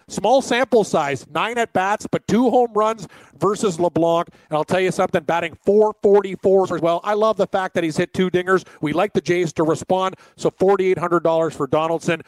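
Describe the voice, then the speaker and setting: A man co-hosting a casual sports chat, excitable and jokey, rambling through picks. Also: high-pitched, no echo. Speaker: co-host.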